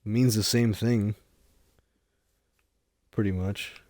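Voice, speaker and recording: A man streaming a game live, rambling and goofy in a deadpan way. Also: fairly low pitch, slow.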